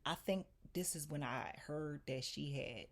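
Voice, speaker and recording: A young adult woman telling viewers a personal story in a casual, animated and emphatic way, talking straight to them. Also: low voice, measured pace. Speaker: vlogger.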